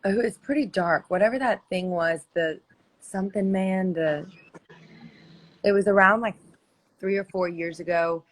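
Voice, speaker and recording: A woman's voice: medium pitch, measured pace, pauses often, a little hiss or hum. A woman hosting a casual live stream chat, enthusiastic and rambling. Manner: enthusiastic, rambling, searches for words.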